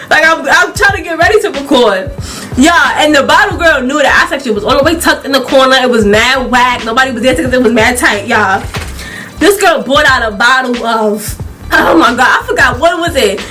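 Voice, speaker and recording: High, bright young woman telling a story. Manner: animated, laughing, acting out quoted people. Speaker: YouTuber. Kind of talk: casual story time.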